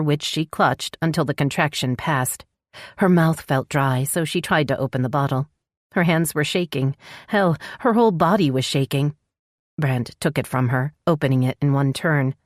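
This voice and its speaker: Low-pitched lady reading an audiobook, measured and even, dry studio sound. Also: no echo. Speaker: audiobook narrator. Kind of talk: scripted audiobook narration.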